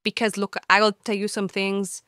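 A woman's voice: medium pitch, monotone, normal speed, pushed and bright, clean tone, no room sound, studio quality. Scolding woman. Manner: blunt, scolding, talks straight to the listener. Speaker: channel host answering viewer comments. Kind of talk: scolding commentary.

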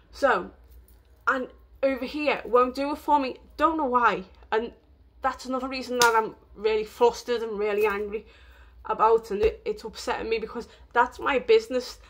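A woman's voice: a little high, a little hiss or hum. A woman vlogging in a rambling, emotional way, with lots of fillers. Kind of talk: casual vlog talk.

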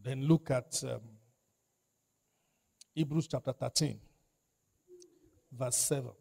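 Preaching with emphasis, this pastor repeats his key lines and invites responses from the congregation. He speaks slowly in a steady, medium-pitched voice that is gravelly yet mellow.

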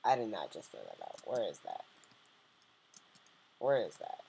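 A woman's voice: very deep voice, wildly swooping pitch, a little slow, gravelly, warm tone, husky. A woman giving casual, joking let's-play commentary and chatting to the game's characters. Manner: joking, rambling, talks to game characters.

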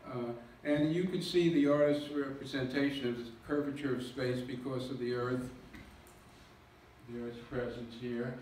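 During a public lecture with slides, a man explains things step by step and jokes at his own expense, his medium-pitched, slightly mellow voice fairly even and at normal speed. The distant, echoey hall recording carries a little hiss or hum.

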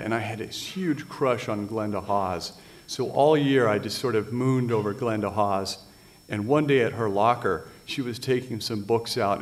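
A middle-aged man from Washington State with a voice of ordinary, mid-range pitch tells true stories to a live audience. He reads his fiction aloud in a dry, wry way and lands his punchlines deadpan. His pacing is relaxed and conversational. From United States (Washington State). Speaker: author. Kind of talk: reading and storytelling at a live literary event.

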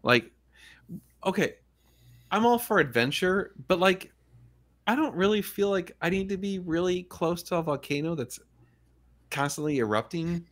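A man's voice: high voice, lively intonation, normal speed, pauses often, a bit bright. A man hosting a casual livestream chat, talking in a laid-back, rambling way and laughing often. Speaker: podcast host.

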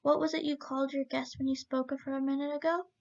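Lady playing a spoiled young rich guy, excitable and exclaiming, pretty high voice. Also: quick pace, gravelly. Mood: excited. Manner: exclaiming, laughing. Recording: dull lo-fi recording.

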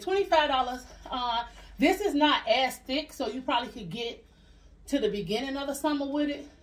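A woman vlogger chatting casually through a clothing haul, animated and laughing often. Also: high-pitched, far from the mic.

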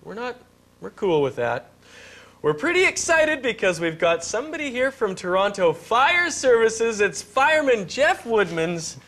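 A man with a high voice runs a mock interview on a comedy morning show. He asks absurd questions in a playful, straight-faced way. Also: big pitch swings, a little slow, a bit bright. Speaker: co-host.

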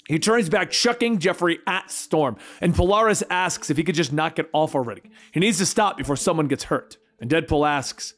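Male narrator for a comic story recap, fairly high voice, animated delivery, faint music under it. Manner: lively, quick storytelling recap.

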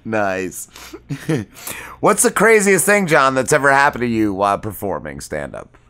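A man's voice: medium pitch, very animated, a little slow, pushed and bright. A man hosting a podcast, chatting casually and laughing often. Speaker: podcast host. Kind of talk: casual chat.

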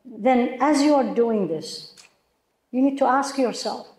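A woman's voice: on the high side, unhurried, a little mellow, echoey room. A woman teaching a religious lecture to a room of women, emphatic and full of rhetorical questions to her listeners. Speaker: Islamic teacher.

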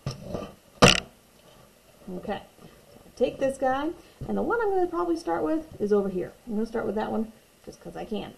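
A woman's voice: a little high, fast talker, creaky, noisy background. A woman teaching a watercolor painting tutorial, patient and reassuring, repeating her key points. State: hiccups. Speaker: art teacher.

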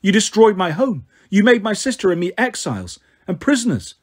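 A man's voice: high voice, very animated, brisk, voice pushed up. A man voicing a proud, cold woman warrior queen in a storybook reading, commanding and icy.

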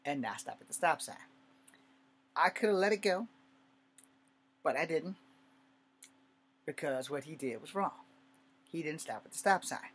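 A man casually telling a story to camera, blunt and profane, swinging from low mutters to loud outbursts. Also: a little hiss or hum. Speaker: vlogger.

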